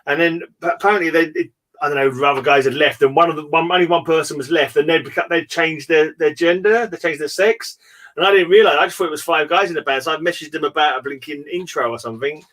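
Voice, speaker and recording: A man's voice: a little high, fast, fairly bright tone. A man hosting a casual online chat, telling stories in a rambling way, with many restarts and fillers and frequent laughter. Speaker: host. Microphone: remote call.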